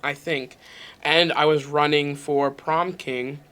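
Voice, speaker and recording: A Pennsylvania man in his twenties who works as university staff appears as a guest in a casual hot wing interview, talking while chewing spicy wings. He jokes and mocks himself with quick asides. His voice is on the high side, smooth and fairly bright, with fairly even intonation.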